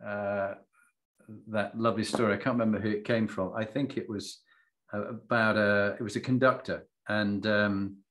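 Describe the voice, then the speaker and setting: Male host, lowish voice. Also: moderate pace, slight background noise. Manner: animated storytelling, self-deprecating. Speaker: podcast host. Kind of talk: casual interview chat.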